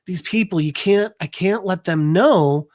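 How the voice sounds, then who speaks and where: A man's voice: sits high, a little slow, darkish tone. A man voicing a fretful young man who stammers as he pleads, inside a casual podcast recap. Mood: anxious. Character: anxious young man hiding his medication.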